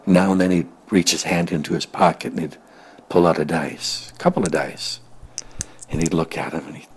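A man with a low, husky voice spins an improvised tale. His delivery is rambling and gentle, and now and then it sinks to a soft near-whisper. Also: fairly even intonation, normal speed. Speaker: storyteller. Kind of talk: improvised spoken storytelling.

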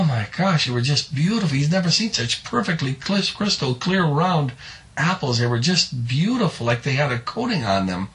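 A man telling a folksy story in a drawn-out, homespun way, adding spoken sound effects. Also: a little high, fairly bright tone.

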